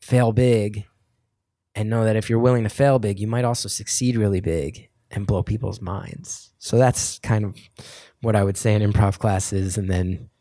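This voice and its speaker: A man's voice: fairly low pitch, fairly even intonation, moderate pace, dark tone, dry recording. Rambling man at a dry mic. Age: 30s. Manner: rambling, self-deprecating, heavy use of "like". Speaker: comedian answering audience questions. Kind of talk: casual rambling Q&A talk. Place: live venue with an audience.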